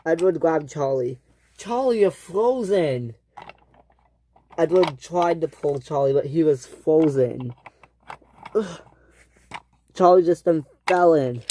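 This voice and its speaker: A storyteller narrating a home-made toy train adventure, with halting restarts and filler words. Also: mid-range voice, warm tone, a little hiss or hum.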